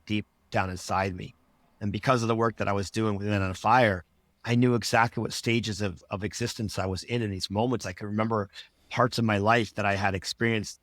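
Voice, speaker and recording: A man's voice: on the low side, a bit bright, dry recording. A man who works as a life coach, telling a personal story as a podcast guest, earnest and rambling, acting out his past thoughts in quotes.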